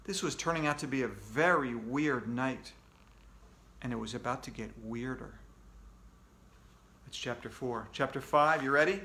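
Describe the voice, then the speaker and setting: A man, a children's author, reading his book aloud to kids with slow, expressive storytelling. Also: medium pitch.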